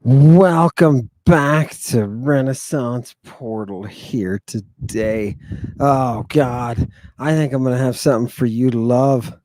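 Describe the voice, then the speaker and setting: Outdoors in the wind, a man hosts a livestream, talking casually and theatrically to his viewers as if to a congregation and repeating many of his lines. His dark, mellow, mid-range voice takes things slowly and sounds close and dry, with no echo.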